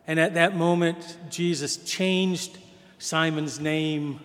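A man's voice: a little high, fairly even intonation, takes it slowly, fairly bright tone. A man preaching a sermon as pastor, telling the gospel story conversationally and acting out the quoted voices. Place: church. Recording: long hall reverb.

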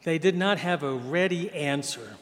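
A man's voice: on the high side, normal speed, fairly bright tone. A man preaching a sermon as pastor, telling the gospel story conversationally and acting out the quoted voices. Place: church. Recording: long hall reverb.

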